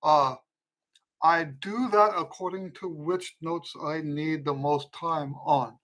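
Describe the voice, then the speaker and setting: A man teaching trumpet on a live-stream Q&A, tired and weak with a fading voice, speaking slowly and repeating his key points for emphasis. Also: a little high, steady tone, fairly bright tone.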